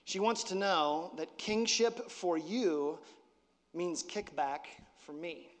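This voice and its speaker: A man preaches in a loose, conversational way. His fairly high voice jumps up in pitch and force when he acts out quoted lines. His voice rings out in a church sanctuary with a long reverb tail. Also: slow pace. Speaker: pastor. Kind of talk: sermon.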